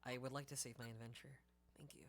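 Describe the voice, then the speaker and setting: A woman's voice: extremely low pitch, steady tone, quick pace, a little hiss or hum. A woman with a lisp reading game dialogue aloud and adding playful, jokey asides as a streamer.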